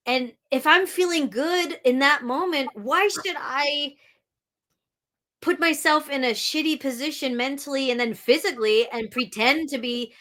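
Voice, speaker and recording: Her voice is high and sharp in tone. An audiobook narrator guesting on a podcast, she talks openly in interview style, restarting a lot and cursing without hesitation.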